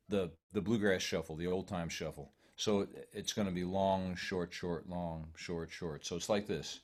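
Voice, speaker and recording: A man teaching a fiddle workshop online, calmly walking students through bowing patterns step by step. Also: sits low. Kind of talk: online music workshop instruction. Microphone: home computer mic on a video call. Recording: loud fiddle music throughout.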